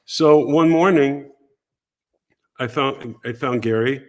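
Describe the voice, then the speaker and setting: Older man telling lively stories. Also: medium pitch, slow. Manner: animated anecdotes, acts out other people's voices. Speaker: podcast guest. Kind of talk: casual storytelling interview.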